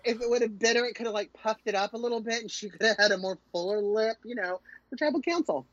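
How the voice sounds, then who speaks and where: A woman co-hosting a casual recap podcast, joking around and quick to laugh. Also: fairly high pitch, no room sound, muffled recording. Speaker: podcast co-host. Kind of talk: casual chat.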